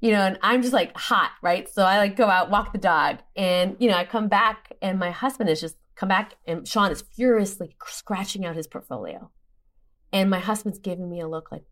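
A woman in her forties, a podcast guest telling a personal story in a lively, animated way with quick asides. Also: mid-range voice. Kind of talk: podcast conversation.

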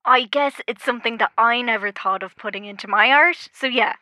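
A woman's voice: a little high, fairly quick, bright, forceful tone, no room sound. A woman with an Irish accent playing a smug artist calling in from a moon voyage, with dry, teasing delivery in an improvised comedy call-in. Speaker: guest calling in.

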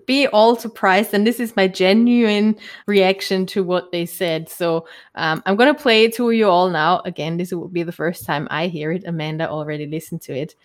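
A woman's voice: on the low side, moderate pace, hardly any pauses. A woman with a German accent co-hosting a podcast, chatting casually with lots of laughs and ums. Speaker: podcast co-host. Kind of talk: casual chat.

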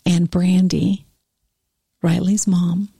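Middle-aged lady, soft emotional talk, gravelly and slow. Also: on the low side, level tone, dry recording, studio quality. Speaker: guest. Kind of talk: heartfelt conversation.

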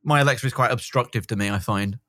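A middle-aged man chats in a loose, unhurried way, dotting his speech with fillers. His voice sits at an average pitch. The sound is close and dry. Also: no echo. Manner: relaxed, many fillers. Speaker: guest. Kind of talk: casual podcast interview.

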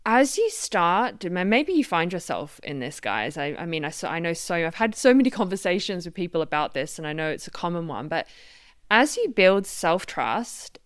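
A woman hosting a solo self-help podcast, reflective and gently guiding, sharing personal stories. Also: on the low side, sing-song, moderate pace, clean tone, dry recording, clean studio sound. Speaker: podcast host.

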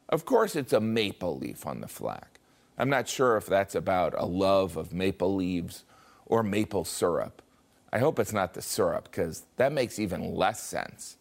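An American man giving scripted comic commentary, wry and deadpan, with mock-voiced asides. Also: low-pitched, moderate pace, gravelly. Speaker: comedy commentator.

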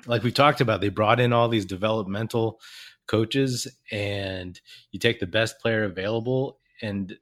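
Excitable man chatting about basketball. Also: lowish voice, moderate pace. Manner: excitable, laughs often, restarts sentences. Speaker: podcast co-host. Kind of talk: casual sports chat.

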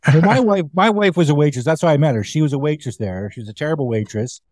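A man's voice: fairly high pitch, fast, darkish tone, dry recording. A comedian telling casual, rambling club stories, acting out the quoted lines as he goes. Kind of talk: casual storytelling chat.

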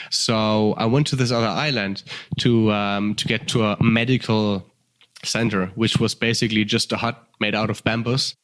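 A man from Germany with a German accent, telling a story in casual conversation, swearing freely and full of fillers. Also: moderate pace. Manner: animated, acts out voices with sudden high pitch jumps. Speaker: guest.

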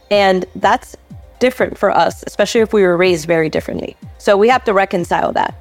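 Calm, explaining woman, parenting expert. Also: mid-range voice. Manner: calm, explanatory, repeats key points. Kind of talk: podcast advice talk.

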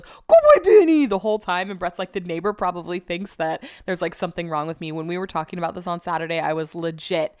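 A young adult woman hosting a casual solo podcast from home, rambling through everyday stories, swearing casually and laughing often. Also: fairly low pitch. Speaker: podcast host.

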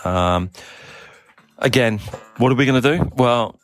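A middle-aged man with a mix of Australian, South African and English accent, talking in a relaxed, rambling audio diary full of ums and uhs. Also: medium pitch, measured pace, soft background music. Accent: mixed Australian, South African and English. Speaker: cycling team manager.

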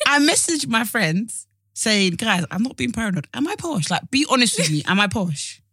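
Young Essex woman, animated storyteller, bright and slightly husky, dry close sound. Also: on the high side, moderate pace, dry recording. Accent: Essex English. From Essex, England. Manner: animated storyteller, swears, acts out quotes. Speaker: guest. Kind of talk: casual chat.

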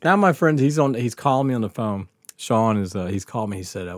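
A man's voice: lowish voice, fast talker, dry recording, studio quality. A man, telling a rowdy story on his podcast, laughing often and swearing freely. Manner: animated, laughing often, profane. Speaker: podcast host telling stories. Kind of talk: casual storytelling.

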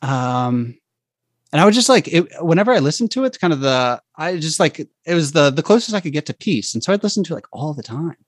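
A man telling a personal faith story in conversation, speaking haltingly and reflectively with many restarts. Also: on the high side, sing-song, dry recording.

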